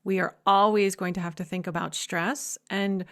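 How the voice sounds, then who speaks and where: A woman giving a recorded lecture, explaining points clearly and stressing key ideas. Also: medium pitch, steady tone, normal speed.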